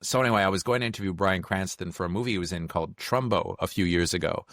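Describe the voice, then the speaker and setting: A middle-aged man chatting casually as a podcast guest, telling stories quickly and acting out the lines of the people in them. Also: sits low, fairly bright tone, dry recording, clean studio sound. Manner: fast storyteller, acts out quotes. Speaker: podcast guest, film critic. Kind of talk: casual chat.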